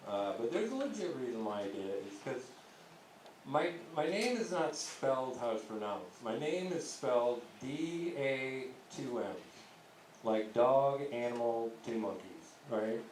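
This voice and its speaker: A man's voice: medium pitch, animated, a little slow, a little mellow, recorded from a distance, slight background noise. A young man doing a crude, rambling stand-up set on a comedy club stage, slipping into voices to act out his jokes. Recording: echoey club heard from afar.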